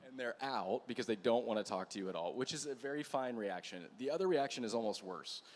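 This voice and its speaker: A man preaching as a pastor at a church gathering, telling a story in a conversational, animated way with asides to the room. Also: medium pitch, fast talker. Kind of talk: storytelling sermon.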